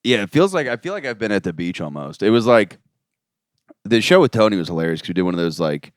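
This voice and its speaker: A young man from Florida hosts a casual comedy podcast in a low voice that swings up and down a lot. He talks loosely and swears often, trailing off mid-sentence. The sound is close and dry. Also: very animated, quick pace, clear, resonant tone, no room sound. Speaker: podcast host.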